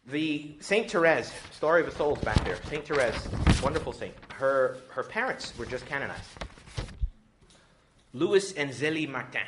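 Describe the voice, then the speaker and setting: A man, a priest, giving a retreat talk, joking and lively, often acting out little voices. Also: mid-range voice, moderate pace, few pauses, slight background noise. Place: retreat hall with audience.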